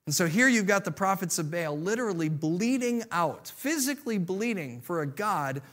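A man preaching a sermon to a congregation in a playful, animated way, drawing the audience in. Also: high voice, moderate pace. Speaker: pastor.

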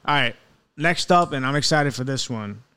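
A young man co-hosts a laid-back podcast chat, reading listener comments aloud and joking along. His voice is smooth and clear, and his pitch sits in the middle. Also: lively intonation, moderate pace, bright, forceful tone. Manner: reads out listener comments, jokey. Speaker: podcast co-host. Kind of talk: casual chat.

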